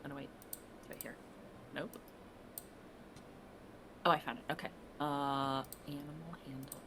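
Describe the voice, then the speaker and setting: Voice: medium pitch, flat delivery, unhurried, fairly bright tone, a little hiss or hum, low-quality recording. A tabletop roleplaying game player hesitantly describing their character's action. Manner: casual, hesitant with fillers.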